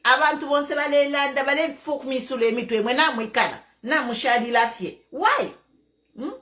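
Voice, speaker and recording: A woman's voice: high-pitched, steady tone, brisk, bright, forceful tone. A middle-aged Zambian woman giving impassioned political commentary, emphatic and repeating her key points. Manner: emphatic, repeats key phrases, mixes in local language. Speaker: online commentator.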